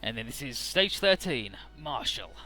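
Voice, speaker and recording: A man's voice: medium pitch, sing-song, a little slow, pushed and bright, soft background music. A man narrating a video game in a casual, profane style, loosely paraphrasing the dialogue. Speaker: let's play narrator.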